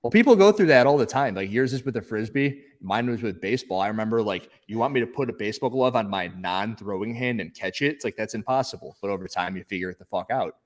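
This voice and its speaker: A man's voice: fairly low pitch, animated, quick pace, few pauses. A man in his thirties co-hosting a podcast in casual chat, joking and laughing often. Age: 30s.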